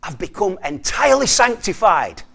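A male preacher voicing an excitable man in a spoken anecdote who boasts of being perfected. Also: high voice, normal speed, vocal fry, heavily acted. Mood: excited.

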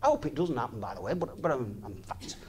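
A man's voice: medium pitch, wildly swooping pitch, fast talker, a crowd in the background. A man, talking in an informal sermon, chatty, laughing often and asking the listener rhetorical questions. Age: 60s.

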